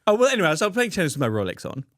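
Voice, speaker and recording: A man, co-hosting a parenting podcast, teasing his co-host with quick jokey interjections. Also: high voice, very animated, fairly bright tone, no echo, studio quality. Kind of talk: casual banter.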